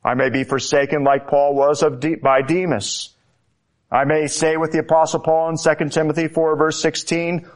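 A man preaching a sermon, slow and emphatic, lifting his voice to stress key words. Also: fairly high pitch, flat delivery. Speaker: pastor.

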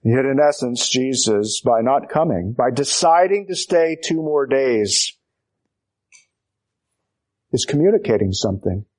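A man's voice: mid-range voice, lively intonation, a little slow, pauses often, a little mellow. A man preaching an expository sermon, emphatic, building his points through repetition.

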